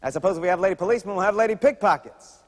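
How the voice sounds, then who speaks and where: An actor playing a wisecracking old-time vaudeville comedian in a stage musical, hammy and full of silly noises. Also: male voice, high voice, racing, lightly acted. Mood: joking. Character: brash old-time male vaudeville stand-up comic. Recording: stage recording with long hall reverb.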